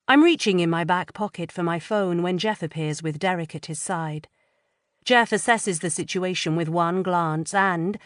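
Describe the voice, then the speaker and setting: A woman reading a first-person psychological thriller audiobook in a measured, tense way. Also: on the low side, dry recording, clean studio sound. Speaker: audiobook narrator.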